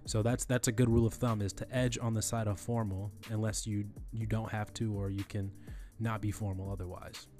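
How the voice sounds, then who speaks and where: A man's voice: fairly low pitch, little pitch movement, brisk, few pauses, warm tone. Man, tutorial voice, conversational, frequent restarts, faint music behind. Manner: conversational, many restarts and fillers, repeats himself. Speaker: teacher. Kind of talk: screen-recorded tutorial on email etiquette.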